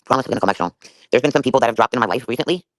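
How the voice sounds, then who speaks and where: Woman ranting fast on a livestream, lots of swearing, dry close sound. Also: rumbling low, no room sound. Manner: rapid, profane and emotional. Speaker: livestream guest. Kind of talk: heated livestream conversation.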